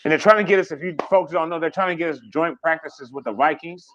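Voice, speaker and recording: A man hosting a casual livestream, chatting fast and rambling, swearing freely as he reads viewer comments. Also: on the high side, fairly bright tone, highs cut off. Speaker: livestream host.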